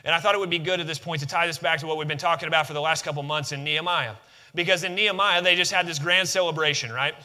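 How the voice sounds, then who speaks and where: A man's voice: fairly high pitch, fairly even intonation, fast talker, sharp tone, in a large hall. A man preaching a sermon in a conversational, emphatic way, asking rhetorical questions and adding humor.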